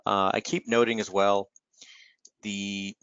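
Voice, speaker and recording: A man's voice: lowish voice, level tone, slow pace, a bit bright, clear, resonant tone, no room sound, muffled recording. A man hosting a live trading webinar, talking through charts in a loose, conversational way with lots of fillers and "right?" tags, and he has the hiccups. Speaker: webinar host, market analyst.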